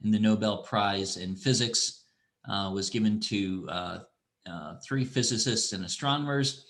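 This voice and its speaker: Low-voiced, relaxed male astronomy lecturer. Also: measured pace. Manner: relaxed, rambling, with restarts and asides. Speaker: university astronomy instructor. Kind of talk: online lecture with screen demo.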